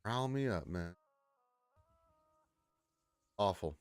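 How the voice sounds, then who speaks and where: Laid-back low-voiced streamer man. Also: expressive, brisk, no room sound, faint music behind. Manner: laid-back, rambling, joking. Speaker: livestream host. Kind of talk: casual gaming chat, reading viewer comments.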